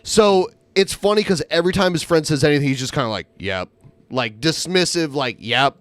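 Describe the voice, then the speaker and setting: A man's voice: a little high, animated, quick pace. A man co-hosting a podcast in casual chat, describing clips and mimicking the people in them. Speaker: podcast co-host.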